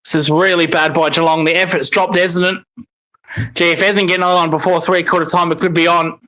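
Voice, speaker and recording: A man commenting live on a football match as a fan, excitable and swearing when frustrated. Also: a little high, fast, low-quality recording. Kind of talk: live watch-along commentary.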